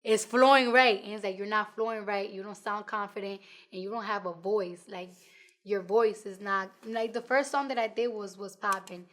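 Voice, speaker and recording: A woman's voice: mid-range voice, moderate pace. A woman in her twenties with a New York accent, a rapper talking bluntly and profanely in a casual interview. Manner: blunt, profane, animated storytelling.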